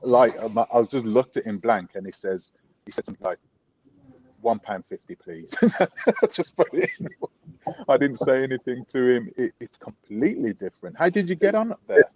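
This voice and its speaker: A man's voice: medium pitch, sing-song, brisk, a little mellow, no echo, lo-fi sound. A man interviewing a guest in a casual chat, asking rambling questions and correcting himself as he goes.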